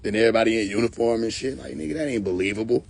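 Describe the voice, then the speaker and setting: A man's voice: on the low side, very fast, vocal fry, slightly rough. A young man hosting a casual live stream, mocking and profane, often breaking into laughter.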